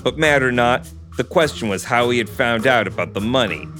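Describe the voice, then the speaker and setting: A man co-hosting a podcast, reading a novel aloud and chatting about it in a relaxed way. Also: medium pitch, brisk, faint music behind. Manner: relaxed, chuckles between remarks. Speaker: podcast co-host and reader.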